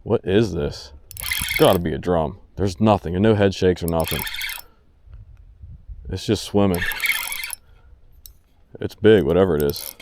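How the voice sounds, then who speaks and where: A deep-voiced man speaks a little slowly, pausing often, with background noise around him. He's a fishing vlogger on a boat outdoors, filming himself and giving excited commentary, full of exclamations and repetition.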